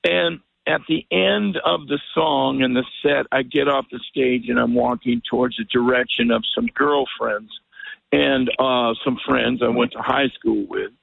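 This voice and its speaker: An older musician, a guest on a telephone call, tells a rambling story and animatedly acts out what people said. His mid-range voice is measured, with vocal fry and a breathy edge, carried over a tinny, dry phone line with no echo.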